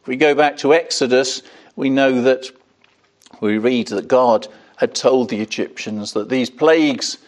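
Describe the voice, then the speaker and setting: A man's voice: medium pitch, unhurried. An older man preaching an evening sermon in an earnest way, asking rhetorical questions and rising on key words.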